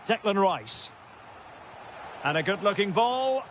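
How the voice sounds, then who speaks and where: A man giving recorded play-by-play football commentary for a video game, with crisp calls of player names that rise to shouted goal calls. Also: sits high, big pitch swings, slow, slight background noise.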